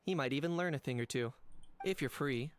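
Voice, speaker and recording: Game role: a man voicing a composed hunter, mid-pitched, measured and polite. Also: a little hiss or hum, natural voice. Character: calm, composed adult male hunter. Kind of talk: game voice acting.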